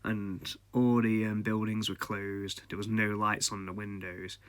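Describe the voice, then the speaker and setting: A man's voice: fairly low pitch, little pitch movement, a little slow, smooth, no echo. A man, casually telling a personal ghost story as a podcast host, chatty and often laughing.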